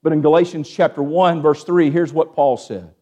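A man preaching a sermon as pastor, asking the congregation for amens and dropping from raised, urgent lines to hushed ones. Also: on the high side, steady tone, normal speed, muffled recording. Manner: Southern-tinged preaching with call-and-response "amen?", swings from hushed to raised.

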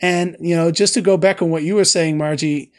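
A man's voice: a little high, steady tone, a little fast. A man hosting a live stream, reading viewer comments and talking casually with many fillers and restarts. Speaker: host.

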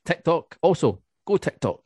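A man's voice: a little high, very animated, normal speed, a little mellow, no echo. A man with a Scottish accent hosting a casual podcast, chatty and laughing as he plugs the show. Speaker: podcast host.

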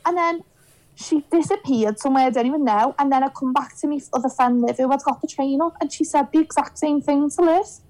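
This is a young woman from Liverpool with a broad Scouse accent and a high, bright-toned voice. She chats casually as a podcast guest. She tells animated stories and acts out what people said. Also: brisk, rough recording. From Liverpool, England. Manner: animated storyteller, acts out quotes. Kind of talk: casual chat.

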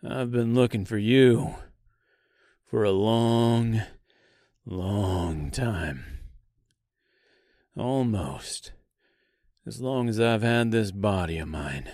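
A man voicing a grim male tin man warrior with a slight Southern accent, speaking slowly in a low half-whisper. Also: darkish tone, no room sound, studio quality. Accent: slight American Southern.

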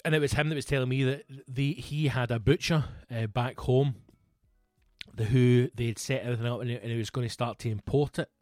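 Podcast co-host, Scottish man in his mid-thirties, sweary, rambling storyteller, mid-pitched voice, dry close-miked sound. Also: steady tone, a little fast, darkish tone, dry recording, faint music behind. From Scotland. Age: 30s. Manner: swears freely, rambling anecdotes with quoted voices. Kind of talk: casual storytelling chat.

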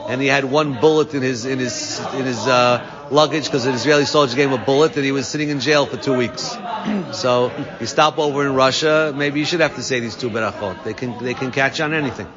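A man teaching a Talmud class, reading Aramaic phrases and translating each one with quick asides. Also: mid-range voice, a crowd in the background. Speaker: Torah teacher. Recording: dull sound with long reverb.

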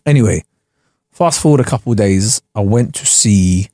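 A young man, co-hosting a podcast, telling an animated, slangy story and laughing often. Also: lowish voice, normal speed, no echo, studio quality. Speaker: podcast co-host. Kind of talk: casual banter storytelling. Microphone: studio podcast mic.

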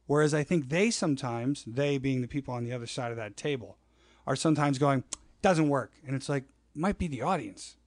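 In a casual chat, a man tells show-business stories, animated and swearing freely as he acts out the voices he quotes. His pitch is medium, his pace fairly quick, and there is no echo.

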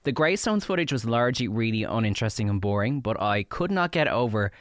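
A man's voice: medium pitch, expressive, fairly quick, no echo, clean studio sound. An Irish man doing a chatty, catty and mocking podcast recap segment. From Ireland. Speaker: guest segment contributor.

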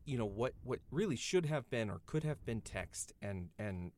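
A man's voice: medium pitch, animated, normal speed, a little mellow. A man co-hosting a podcast, thoughtfully explaining ideas in a casual film discussion. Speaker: podcast co-host.

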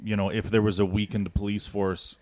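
A man's voice: fairly low pitch, flat delivery, fairly quick, a little mellow, a little hiss or hum. A man co-hosting a podcast, rambling casually with lots of filler words and swearing. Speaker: podcast co-host. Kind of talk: casual comedic chat.

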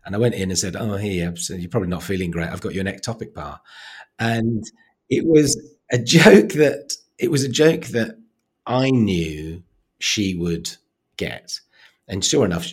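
A man with an English accent, a guest in an interview, telling personal stories softly and haltingly, with frequent restarts. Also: low-pitched, slightly rough. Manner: soft-spoken, halting, with many restarts and fillers. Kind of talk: reflective conversational storytelling.

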